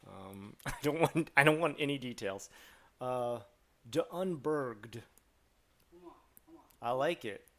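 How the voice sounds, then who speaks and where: A man's voice: medium pitch, expressive, slow pace. Rambling joking man on a live stream. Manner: rambling, joking, many fillers, reads chat aloud. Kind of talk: casual live stream chat.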